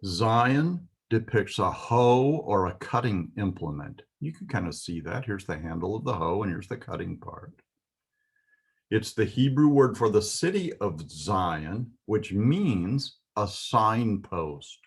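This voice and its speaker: A man's voice: lowish voice, lively intonation, takes it slowly, husky. A man teaching a Hebrew alphabet lesson, patiently explaining and pointing out letters.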